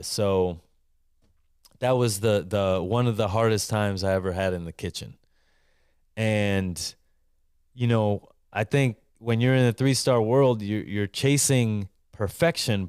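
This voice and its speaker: Male chef host, casual and profane, keeps checking in with "right?"; low-ish, clean voice, dry close sound. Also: darkish tone, smooth, no room sound. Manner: profane, emphatic, repeats "right?" to the listener. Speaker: chef hosting a live call-in show. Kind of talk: casual storytelling.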